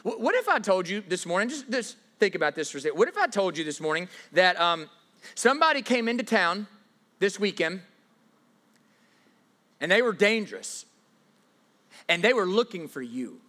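A man preaching with a high, bright voice that leaps up and down in pitch. He drives his points hard, dropping to a hush and then rising loud again. He often stumbles into repeated words as he restarts his sentences. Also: very animated, normal speed, long pauses. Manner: emphatic, dramatic swings from loud to hushed; repeats himself and stammers on restarts. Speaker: pastor. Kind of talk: sermon.

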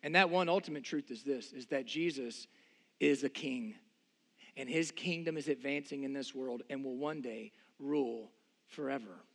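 A man's voice: medium pitch, normal speed, a bit bright. A man preaching a sermon as pastor, earnest and emphatic, asking the listeners repeated rhetorical questions.

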